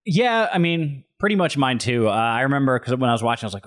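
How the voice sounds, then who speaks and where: Measured, dry-humored male podcast co-host. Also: medium pitch, sing-song. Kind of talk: casual chat.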